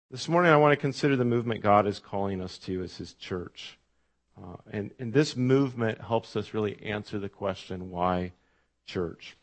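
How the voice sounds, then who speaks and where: A middle-aged man preaching a sermon as pastor, telling stories in a conversational way with fillers and asides to the congregation. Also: mid-range voice.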